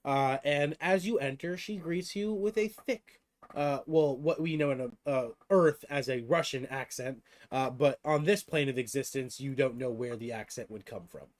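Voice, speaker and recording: A man's voice: medium pitch, moderate pace. A man narrating as game master in a tabletop game, teasing his players and swearing casually.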